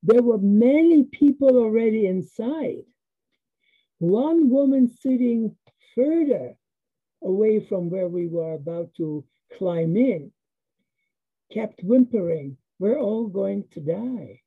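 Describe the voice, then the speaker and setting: Older woman, personal storytelling, slow delivery, raspy voice, tinny phone-like sound. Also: mid-range voice, animated. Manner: slow, vivid telling with quoted dialogue.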